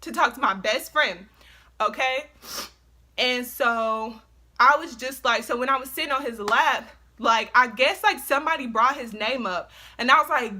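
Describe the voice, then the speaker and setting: Young woman vlogger, high and bright, animated casual storytime. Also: moderate pace. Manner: animated, swearing, lots of slang and fillers.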